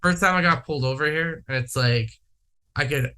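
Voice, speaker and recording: A man's voice: on the high side, normal speed, pushed and bright, smooth. Rambling, swearing Canadian man. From Manitoba, Canada. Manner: rambling, swears a lot, many fillers. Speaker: podcast guest. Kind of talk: casual chat.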